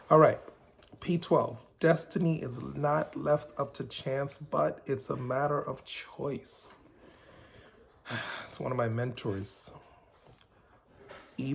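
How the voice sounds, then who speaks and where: A man's voice: medium pitch, creaky, darkish tone, a little hiss or hum. A man teaching as a mentor, emphatic and preachy, repeating his key points. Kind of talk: motivational teaching.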